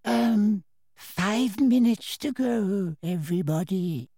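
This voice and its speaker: A man voicing an elderly fussy male examiner professor, speaking in slow quavering exclamations. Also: very high voice, very animated, dry recording, studio quality, pitched above the performer's own voice, heavily acted. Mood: feeble.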